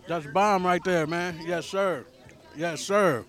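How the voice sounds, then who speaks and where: A man's voice: high voice, slow pace, fairly bright tone. Hyped slangy man reviewing food. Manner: hyped slangy chatter, says man a lot. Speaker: food vlogger at a market. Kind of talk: casual food review vlog. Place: outdoor farmers market.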